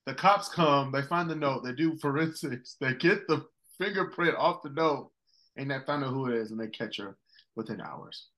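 A man's voice: mid-range voice, moderate pace, rough recording. A man with a Detroit accent hosting a casual podcast, telling stories with lots of animation and frequent laughter. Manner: animated storytelling, laughs often. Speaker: podcast host.

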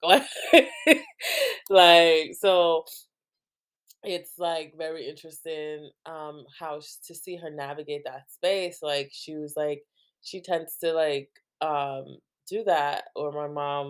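A young woman from New Jersey talks through her podcast in a loose, rambling way, leaning on "like" and breaking into laughs. Her voice sits low for a woman. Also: steady tone, a little slow, clear, resonant tone. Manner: rambling, heavy use of "like", laughs often. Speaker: podcast host. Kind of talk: casual chat.

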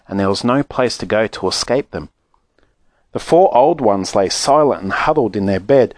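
A man narrating a children's book aloud in an expressive, animated way. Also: on the low side, no echo, clean studio sound. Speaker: audiobook narrator. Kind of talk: storybook narration.

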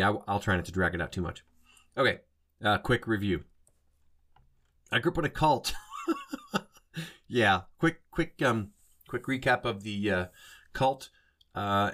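A man's voice: on the low side, fairly bright tone. A man hosting a solo podcast in a casual monologue, rambling and often stopping to rephrase and correct himself. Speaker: podcast host.

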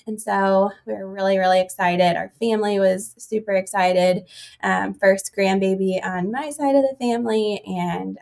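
A young woman recounts her story to a podcast host, casual and full of "um" and "like". Her voice is often gravelly with vocal fry. She acts out what others said to her. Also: mid-range voice, darkish tone. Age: young adult. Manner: chatty, many fillers, acts out quoted dialogue. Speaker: podcast guest. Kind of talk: conversational storytelling.

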